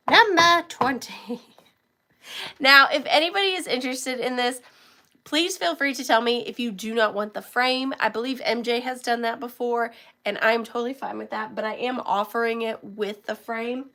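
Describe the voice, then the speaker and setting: A woman's voice: fairly high pitch, fairly bright tone. A woman chatting casually as she sells antiques in a live stream, gushing over items and counting down bids. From United States. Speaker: live auction seller. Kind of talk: live-stream selling chat.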